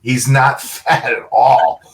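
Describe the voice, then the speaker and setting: A middle-aged man with a plain mid-range voice tells stories in a casual interview. He talks in an animated way and acts out quick snatches of dialogue. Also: medium pitch, far from the mic, rough recording. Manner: animated storyteller, quotes people in short dialogue. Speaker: guest, former pro football player.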